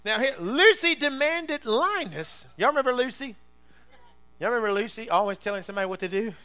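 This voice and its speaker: High-pitched preacher man, playful, laughs a lot, keeps calling out for responses, faint music under him. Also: expressive, a little fast, clear, resonant tone. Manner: call-and-response preaching, frequent "somebody say" prompts; playful, laughs often, shifts from shouted to low intensity. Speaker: pastor. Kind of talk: sermon.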